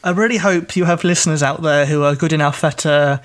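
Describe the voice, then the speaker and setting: A man's voice: on the high side, steady tone, a little fast. A man appearing as a podcast guest, joining the comedic banter in a cheerful, teasing way.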